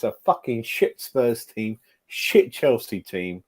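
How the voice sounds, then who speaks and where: Brief: man, forties, football fan streamer, lively up-and-down delivery, foul-mouthed, chatting to viewers. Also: medium pitch, takes it slowly. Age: 40s. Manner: sweary, animated, talking to chat. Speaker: fan channel host. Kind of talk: live stream reaction.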